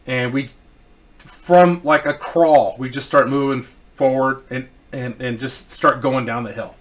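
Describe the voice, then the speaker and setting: A man's voice: medium pitch, steady tone, measured pace. A man casually telling a personal story, rambling and swearing, with many restarts.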